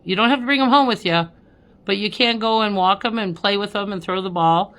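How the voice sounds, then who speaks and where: A woman's voice: mid-range voice, fairly quick, fairly bright tone. A woman working as a spiritual medium, chatting on a live stream with viewers, laughing often and ending lines with "okay?".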